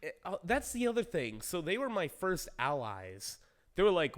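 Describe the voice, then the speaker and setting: A young man streams and chats casually, rambling through stories and acting out what each side said. His voice is smooth and clean, sitting slightly high for a man. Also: big pitch swings, moderate pace. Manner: rambling storyteller acting out quoted lines. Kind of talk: casual gaming chat.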